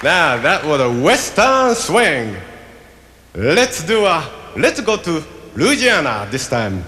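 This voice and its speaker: A man hosting his own live stage show, joking with the audience in halting, slightly broken English. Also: a little high, huge pitch swings, slight background noise. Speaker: stage show host and performer. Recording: roomy theater VHS recording with loud band and audience.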